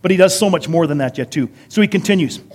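A man preaching a conversational sermon, lively, with rhetorical questions and casual asides. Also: sits high, fast.

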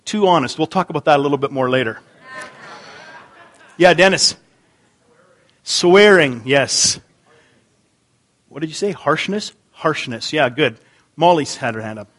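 A man's voice: a little high, a little slow, pauses often, a bit bright. A man preaching a sermon in church, chatting with the congregation, repeating their answers aloud and often restarting his sentences. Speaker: pastor. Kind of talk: interactive sermon.

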